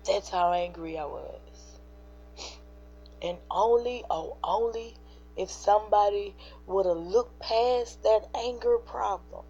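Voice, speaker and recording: A woman's voice: medium pitch, takes it slowly, mellow. Teary woman encouraging her livestream chat. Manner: earnest, preachy, speaks to chat directly. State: teary-eyed. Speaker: livestream host. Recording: dull lo-fi livestream audio with faint hum.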